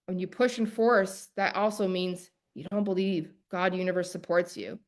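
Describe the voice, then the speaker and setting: A woman's voice: lowish voice, steady tone, moderate pace. A woman coach teaching a live online masterclass in an emphatic, preacher-like cadence, repeating key phrases and talking straight to her viewers. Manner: talks directly to viewers.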